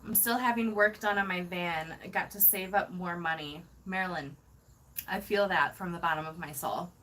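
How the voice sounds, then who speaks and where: A woman's voice: on the low side, moderate pace, sharp tone, rough recording. A woman hosting a casual van-life livestream, reading viewer comments and gushing with thanks, laughing often.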